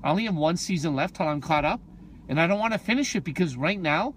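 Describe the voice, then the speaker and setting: A man co-hosting a casual podcast chat, jokey and animated, getting loud when something upsets him. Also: a little high, fast, slight background noise. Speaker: podcast co-host.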